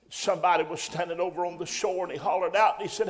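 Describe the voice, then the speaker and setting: High-voiced preacher, folksy and emphatic. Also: male voice, steady tone, fast talker, few pauses. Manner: folksy, rising to loud emphatic bursts. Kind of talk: sermon.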